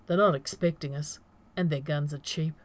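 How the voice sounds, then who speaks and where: A woman's voice: low voice, steady tone, normal speed, no room sound, lightly acted. A woman reading the lines of a terse, practical male tracker who speaks bluntly. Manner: blunt, few words.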